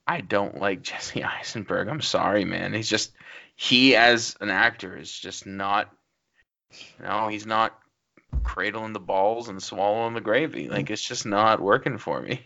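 A man on a casual film review podcast who rambles and defends his takes with plenty of likes. His voice is bright and forward. The audio is slightly dull. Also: fairly low pitch, unhurried, creaky. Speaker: podcast co-host.

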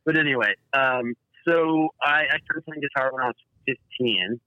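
A man being interviewed over a call, speaking casually with a stutter and many halting repeats. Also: mid-range voice, no room sound. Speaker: guest, pedal designer. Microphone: remote call. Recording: dull dry call audio.

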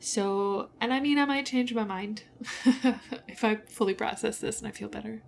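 A woman's voice: on the high side, normal speed, creaky, a little hiss or hum. A woman hosting a personal podcast, venting her frustration in an emotional monologue with bitter laughs, close to tears at moments. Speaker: podcast host.

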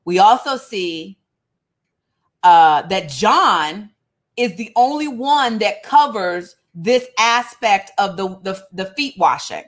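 A woman giving a lively, conversational Bible lesson, calling out to her listeners. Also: mid-range voice, takes it slowly. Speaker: Bible study teacher. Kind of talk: casual sermon-style Bible teaching.

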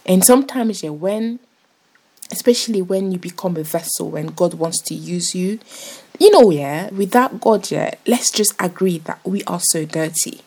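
A woman's voice: lowish voice, moderate pace, a little mellow. A young woman talking earnestly and casually to her viewers about faith, rambling with many fillers and restarts. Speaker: vlogger. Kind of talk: casual faith talk to camera.

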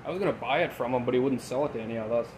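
A man's voice: medium pitch, very fast, darkish tone, slight background noise, low-quality recording. Laid-back young man swapping stories. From Minnesota. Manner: laid-back, swears freely, laughs while telling stories. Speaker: podcast host. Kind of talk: casual chat.

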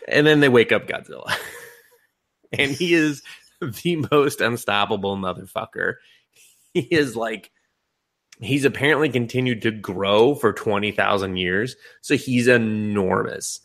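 Man, young adult, podcast co-host, lowish voice, bright and forceful, profane animated retelling. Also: measured pace. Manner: animated, profane retelling with laughs and mock quotes. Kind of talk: casual anime podcast chat.

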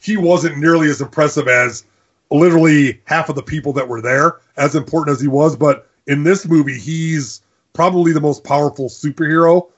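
Man, husky voice, rambling co-host, casual movie talk, lo-fi audio. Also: on the high side, brisk. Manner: rambling, animated, many restarts and asides. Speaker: podcast co-host.

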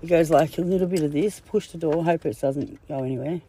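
A woman with a low, dark voice vlogs casually on her phone from a car and a clinic, talking fairly quickly over a little hiss or hum. She's blunt and jokey, swearing constantly.

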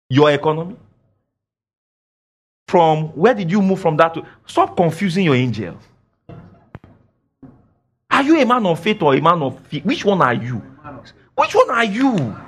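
A male pastor preaches to his congregation. He scolds and repeats phrases for emphasis, and his slightly high voice rises and falls a lot. Now and then he breaks into a laugh. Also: big pitch swings, moderate pace, pauses often. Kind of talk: sermon. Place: church.

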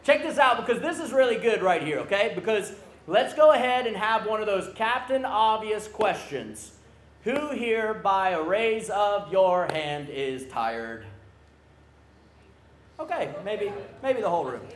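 A man with a high voice preaches slowly and deliberately to a youth camp crowd. He is animated and keeps calling on the audience to answer him. His voice rings out in a roomy hall with audible echo. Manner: animated, calls for crowd responses. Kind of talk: sermon.

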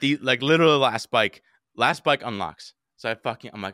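Fast-talking, bright-voiced young man. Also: lowish voice, no room sound, studio quality. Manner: animated, heavy swearing, acts out his own shouts. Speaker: podcast co-host. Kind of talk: casual storytelling chat.

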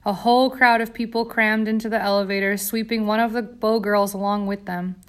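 A woman's voice: mid-range voice, fairly even intonation, fairly quick. A woman reading an audiobook aloud, telling the story in a tense, dramatic way. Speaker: audiobook reader. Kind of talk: scripted audiobook narration.

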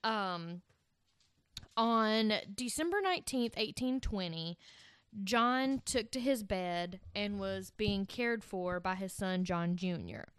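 Woman podcast host, casual storyteller, swears freely, fills pauses with um, dry sound. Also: mid-range voice, a bit bright, smooth, no echo. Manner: chatty and profane, many ums.

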